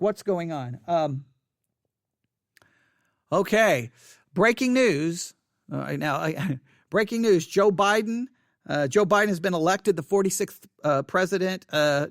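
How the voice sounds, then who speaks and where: Gravelly high-voiced man giving a devotional talk. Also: no room sound, clean studio sound. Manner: halting, repeats and corrects himself often. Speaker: devotional study host. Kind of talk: informal devotional teaching.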